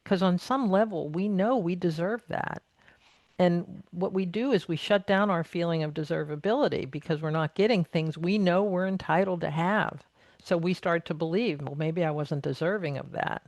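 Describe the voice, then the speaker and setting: A woman's voice: on the low side, normal speed, a little mellow, dry recording. A middle-aged woman speaking as a podcast guest, reflective and emphatic, restating her points as she talks things through in conversation. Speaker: podcast guest, narrative coach. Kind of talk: conversational interview.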